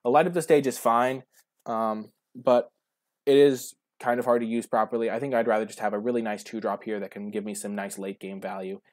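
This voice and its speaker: A man's voice: on the low side, fairly even intonation, fairly quick. A man giving casual commentary while drafting cards, thinking aloud and answering his chat. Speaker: streamer.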